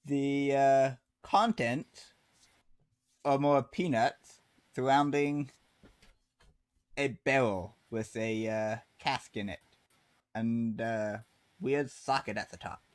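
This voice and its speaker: A man running a tabletop game as game master, describing scenes in a plain, unhurried way. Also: medium pitch, fairly even intonation, smooth.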